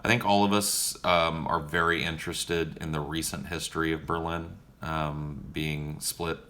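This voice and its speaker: Very deep gravelly-voiced man. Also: little pitch movement, a little slow, sharp tone. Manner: profane, joking and laid-back. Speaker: streamer answering viewer questions. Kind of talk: casual livestream Q&A.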